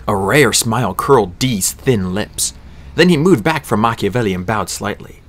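Male audiobook narrator; animated, lively reading of a novel. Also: fairly low pitch, normal speed.

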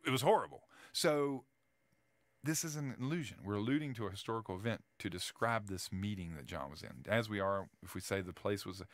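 A man's voice: on the low side, expressive, fairly quick, no echo. A male teacher giving a casual writing lecture, full of fillers and restarts, often checking in with "right?".

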